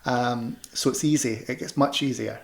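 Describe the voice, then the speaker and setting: A chatty man with a Scottish Glasgow accent talks about panto work in a loose, rambling way. He often restarts his sentences and fills the gaps with "um" and "you know". His voice sits at an ordinary, middle pitch. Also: steady tone, normal speed, gravelly. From Scotland. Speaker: panto performer and director. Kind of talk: casual interview chat.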